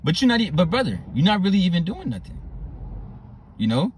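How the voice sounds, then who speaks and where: A man preaching a sermon, repeating "right?" and "you know" often and reading scripture slowly. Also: high voice, huge pitch swings, a little hiss or hum. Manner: slow drawn-out scripture reading.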